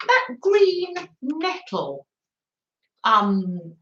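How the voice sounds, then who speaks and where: A woman's voice: on the high side, wildly swooping pitch, drawn-out words, bright, forceful tone, a little hiss or hum. A woman hosting a live craft stream from her home craft room, rambling and laughing at herself and cooing fondly at her dog. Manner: rambling, self-mocking, laughs often, coos at her dog. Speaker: craft livestream host. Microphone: streaming camera on the table. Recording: roomy, slightly dull home stream.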